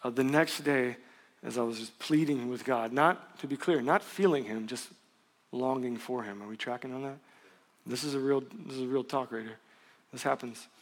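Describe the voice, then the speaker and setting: Thirties male pastor, mid pitch, candid conversational sermon, church hall reverb. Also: moderate pace. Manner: candid, conversational, animated storytelling. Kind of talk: sermon with personal story. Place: church sanctuary.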